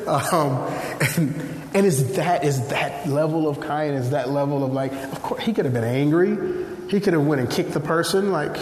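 Lively male preacher. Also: a little high, moderate pace, a little hiss or hum. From Nigeria. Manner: animated storytelling with acted-out voices. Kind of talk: sermon. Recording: echoey hall, faint ambience.

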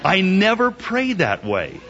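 A man preaching a sermon emphatically, asking rhetorical questions and swinging his pitch up and down. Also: huge pitch swings, slow pace, bright, forceful tone, a little hiss or hum. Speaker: pastor. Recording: dull lo-fi recording.

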